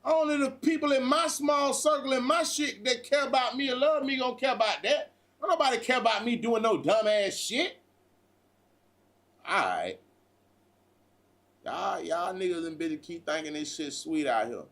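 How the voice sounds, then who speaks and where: A man's voice: very high-pitched, expressive, measured pace, fairly bright tone. A man hosting a livestream, giving a profane, preachy street-talk monologue and repeatedly calling listeners "bruh". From United States. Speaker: livestream host.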